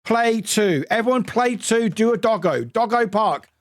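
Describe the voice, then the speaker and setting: This British streamer chats loosely as he plays, his high voice bouncing energetically all over the place, though he never rushes. Frequent laughter, free swearing and piercing shouts fill the clip, backed by faint soft music and no room echo.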